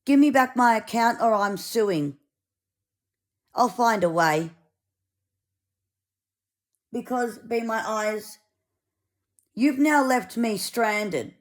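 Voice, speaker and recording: A woman's voice: on the high side, expressive, slow pace, long pauses. A woman ranting angrily, sweary and sarcastic. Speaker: vlogger. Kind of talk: angry rant to camera.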